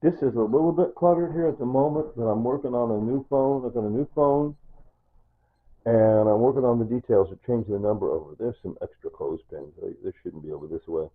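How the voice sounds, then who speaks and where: A man's voice: medium pitch, a little fast, husky. An older man giving a casual, rambling tour of his small home, pointing things out and checking in with "see" and "right?". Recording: tinny phone-like audio.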